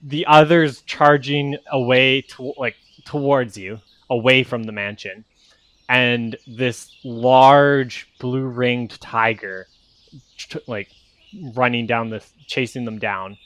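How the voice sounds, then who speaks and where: A man's voice: medium pitch, steady tone, slow pace, a bit bright, dry recording. A man narrating as game master of a tabletop game, casual with many fillers.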